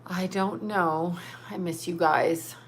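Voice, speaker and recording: A woman's voice: on the low side, steady tone, takes it slowly, a little hiss or hum. A woman hosting a casual livestream, rambling chattily and greeting viewers as she reads their comments aloud. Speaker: livestream host. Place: home.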